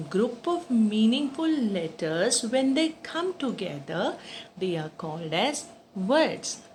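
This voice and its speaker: A woman teacher takes children through basic grammar. She talks slowly and repeats each point, with a lively, swooping pitch. A faint hum of room noise sits under her voice. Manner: slow, repeats each point, asks and answers own questions.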